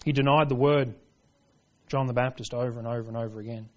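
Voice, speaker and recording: A man preaching a sermon, reading scripture aloud and driving points home, swinging between hushed lines and forceful ones. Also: medium pitch, fairly even intonation, fast, dull audio. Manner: reads scripture aloud in King James wording.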